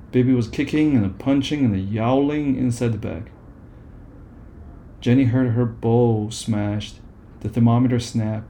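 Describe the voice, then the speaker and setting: A man reading a children's book aloud in a calm, even way. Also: medium pitch, slight background noise. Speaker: storybook reader.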